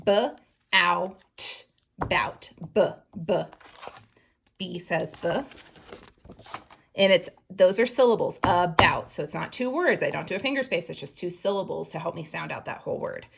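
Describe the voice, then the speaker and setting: A woman teacher giving a phonics writing lesson to young children, slowly sounding out each word letter by letter. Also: lowish voice, animated, gravelly, background noise. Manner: slow, sounding out words letter by letter.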